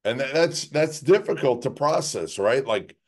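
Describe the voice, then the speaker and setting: A man's voice: medium pitch, lively intonation, moderate pace. A man co-hosting a sports podcast, talking casually in a rambling way full of "like" and restarts. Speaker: podcast co-host.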